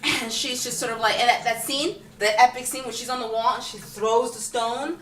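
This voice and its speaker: Female vlogger, bright, lively delivery, slightly higher pitch, roomy echo. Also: moderate pace. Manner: animated, acts out characters' lines. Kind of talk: casual film review chat. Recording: roomy echo, distant mic, faint music.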